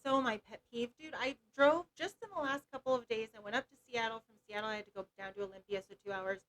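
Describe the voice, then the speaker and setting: A woman guesting on a casual podcast, her voice a little higher than most women's. She talks in a relaxed, easygoing way and shares her own stories. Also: quick pace, poor audio. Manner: easygoing, conversational. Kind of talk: casual chat.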